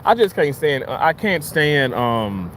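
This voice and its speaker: Guy venting in his car, cussing and rambling, kinda high voice. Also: very animated, slow, fairly bright tone, slight background noise. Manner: frustrated, swearing, rambling. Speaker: vlogger. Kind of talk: casual ranting vlog.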